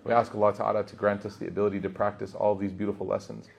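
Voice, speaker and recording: A man in his thirties giving a casual religious talk to a gathering, telling jokey stories about his kids and getting loud in the funny parts. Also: on the low side, rapid-fire, gravelly. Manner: storytelling, jokey, animated, rising loud in funny bits. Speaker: religious teacher. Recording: dull lo-fi sound.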